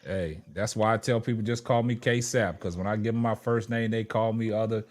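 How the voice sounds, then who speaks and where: A man's voice: lowish voice, fairly even intonation, moderate pace. A man hosting a casual sports talk show, upbeat and repeating his catchphrases. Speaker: podcast host.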